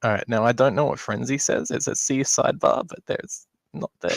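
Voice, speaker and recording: Brief: casual, mid-pitched male player, dry close sound. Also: fairly quick, creaky, dry recording. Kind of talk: tabletop game play.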